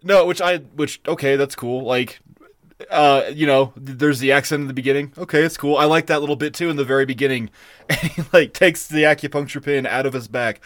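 A man's voice: a little high, brisk, no echo. A man co-hosting a podcast, rambling loosely and laughing as he talks through his favorite moments. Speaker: podcast co-host. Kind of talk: casual chat.

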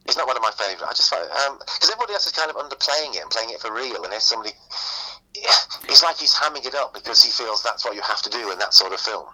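A man's voice: medium pitch, big pitch swings, racing, bright, forceful tone, slightly rough, poor audio. A man co-hosting a casual film discussion, giving hesitant, rambling opinions with many fillers. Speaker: film podcast co-host.

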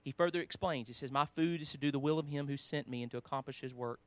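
A man preaching a sermon in a conversational way, with restarts, quoting scripture, swinging between emphatic lines and quiet asides. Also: medium pitch, fast talker, no echo.

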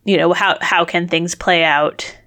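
A woman's voice: on the low side, fairly even intonation, a little slow, sharp tone. A woman co-hosting a casual podcast, analytical, explaining trivia and wagering strategy. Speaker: podcast co-host. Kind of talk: casual game-show recap chat.

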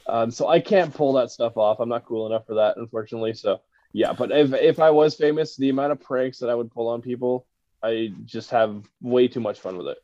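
A man's voice: mid-range voice, a little fast, dark tone, no room sound. A man from Victoria, British Columbia, a podcast guest in casual chat, who laughs often and acts out his stories. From Victoria, British Columbia, Canada. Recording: dull lo-fi recording.

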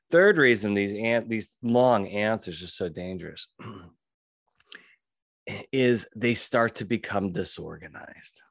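A man hosting a solo podcast, talking emphatically, repeating key phrases and often clearing his throat. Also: lowish voice, slow pace, pauses often, fairly bright tone, no room sound, studio quality. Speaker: podcast host and witness trainer.

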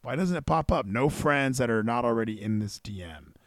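A man hosting a live wrestling stream. He chats casually and excitably, swears freely and thinks aloud as he goes. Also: mid-range voice, fairly quick, no room sound, studio quality. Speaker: stream host.

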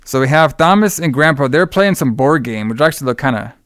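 A man's voice: mid-range voice, expressive, fairly quick, fairly bright tone, clean tone, no echo, clean studio sound. A man in casual chat, retelling a movie plot in a loose, profane, rambling way and laughing often. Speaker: podcast co-host recapping a movie.

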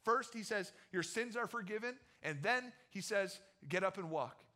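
Young man, youth pastor; high, bright tone; casual, chatty sermon delivery. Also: animated, normal speed. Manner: chatty, storytelling, many fillers. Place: church.

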